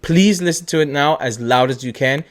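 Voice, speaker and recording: Excitable young man hosting a chat. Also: on the high side, moderate pace. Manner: excitable, swears a lot, trails off. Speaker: podcast host. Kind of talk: casual chat.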